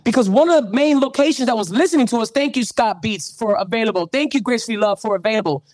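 A man's voice: very high-pitched, fast talker, darkish tone, dry recording. Man, radio host, preacherly testimony, rising fervent calls, dry close sound. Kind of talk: animated testimony in an interview.

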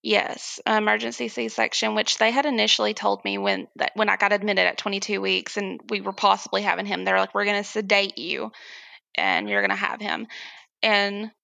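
Gravelly, bright-voiced young woman storyteller. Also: medium pitch, normal speed, no echo. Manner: animated, laughs often while telling, acts out quoted voices. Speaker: guest. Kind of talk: candid personal storytelling.

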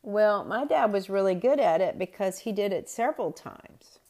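A woman's voice: mid-range voice, expressive, normal speed, darkish tone. A middle-aged woman telling a personal story in a chatty podcast style, correcting herself as she goes. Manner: conversational, with self-corrections. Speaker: podcast host.

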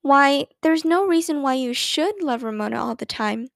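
A woman's voice: high voice, lively intonation, moderate pace, gravelly, no room sound, clean studio sound. A woman voicing a sensible, good-humored mother in a storybook reading. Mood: fond.

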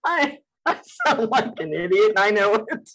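A woman co-hosting a podcast, excitable and giggly, often tripping over her words. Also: mid-range voice, takes it slowly, husky. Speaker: podcast co-host. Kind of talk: casual podcast chat.

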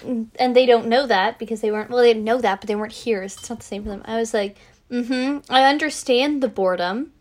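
A woman's voice: a little high, level tone, quick pace, hardly any pauses, a little mellow. A young woman from Canada co-hosting a casual podcast, chatty and self-mocking, laughing often. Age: young adult. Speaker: podcast co-host. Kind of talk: casual chat.

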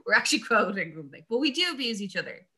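A young woman co-hosting a podcast, telling stories in a giggly, animated way. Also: medium pitch, rapid-fire. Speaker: podcast co-host. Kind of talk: casual chat.

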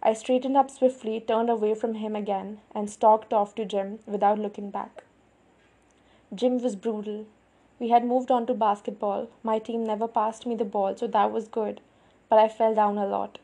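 Woman narrator, first-person novel reading, mellow, husky, flat delivery. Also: mid-range voice, normal speed. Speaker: audiobook narrator.

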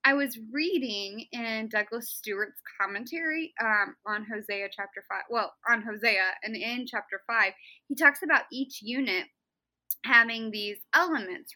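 A woman's voice: on the high side, bright, forceful tone, poor audio. A young woman co-hosting a casual Bible study podcast, bubbly and giggly as she explains the text. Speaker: podcast co-host.

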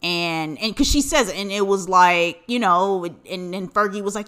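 A woman's voice: medium pitch, moderate pace, fairly bright tone, clear, resonant tone. An American woman hosting a podcast, ranting in casual, profanity-filled commentary. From United States. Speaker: podcast host.

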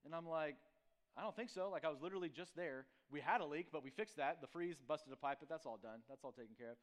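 A male pastor in a church sanctuary, his voice sitting a touch higher than most men's. He moves between prayer and a loose, self-mocking story full of fillers. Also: quick pace. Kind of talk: sermon with prayer and personal story.

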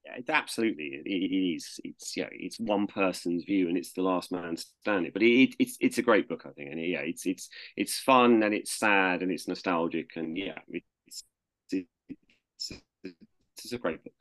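A man's voice: sits low, normal speed, a bit bright, dry recording. A man on a podcast recommending books, speaking wistfully and with nostalgia. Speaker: podcast co-host, teacher. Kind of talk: casual book discussion.

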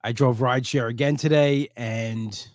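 In this laid-back solo podcast episode, the host sounds worn out and drained as he meanders through a tale, backing up to restart and perking up whenever he quotes someone. His voice is medium in pitch at a moderate pace, recorded in studio quality with no room sound.

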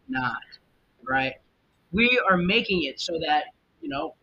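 Hosting a solo podcast, this young man is expressive and moves at a moderate pace, his tone bright and forceful. He's rambling and opinionated, full of fillers and restarts. Expect a muffled lo-fi mic, a faint rumble, and faint jazz in the background.

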